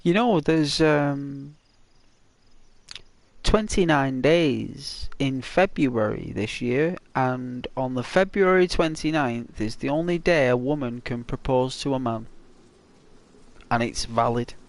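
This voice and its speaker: A man chatting casually while playing a game, telling rambling anecdotes with frequent chuckles and fillers. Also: mid-range voice. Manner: rambling storyteller, chuckles often, many fillers. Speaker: gaming channel host.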